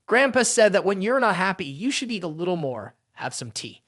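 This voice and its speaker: A man voicing a cheerful, innocent young girl who chatters brightly, in a story recap. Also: sits high, sing-song, brisk, heavily acted.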